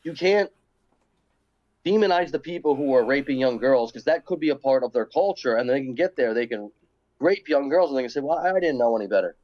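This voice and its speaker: A man's voice: mid-range voice, animated, a little fast, lo-fi sound. A man co-hosting a talk show in casual chat, blunt and joking. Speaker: podcast co-host.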